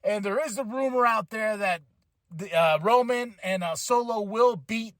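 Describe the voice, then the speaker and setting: High-voiced man recapping wrestling, rambling. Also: moderate pace, no room sound. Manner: animated and rambling, with impressions and asides. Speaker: podcast host.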